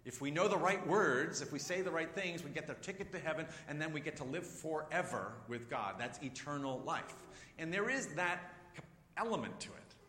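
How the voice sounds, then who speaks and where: A man's voice: a little high, animated, moderate pace, bright, forceful tone, a little hiss or hum. A man preaching a conversational sermon as a pastor, acting out the voices in the stories he tells. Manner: conversational, acts out quoted voices. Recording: echoey hall with long reverb.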